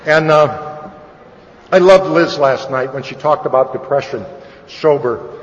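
A man's voice: mid-range voice, unhurried. A man sharing his personal recovery story with an audience, candid and conversational, with wry humor. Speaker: speaker at a recovery meeting. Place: meeting hall. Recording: lo-fi recording with long hall reverb and faint noise.

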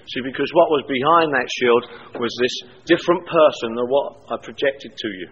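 A man's voice: mid-range voice, normal speed, fairly bright tone, slightly rough, long reverb tail. A man sharing his personal testimony with a recovery group, telling blunt, colorful stories and acting out the dialogue. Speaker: speaker at a recovery meeting. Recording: dull lo-fi live recording with faint hiss.

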